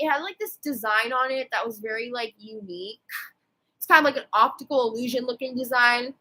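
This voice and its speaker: Twenties woman, bright, slightly high voice; rambling, sweary vlog rant full of fillers. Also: rough recording. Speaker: vlogger.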